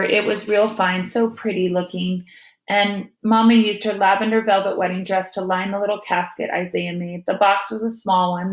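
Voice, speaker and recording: A woman teacher reading a novel aloud to her students with gentle storytelling. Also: medium pitch, creaky, reverberant, rough recording.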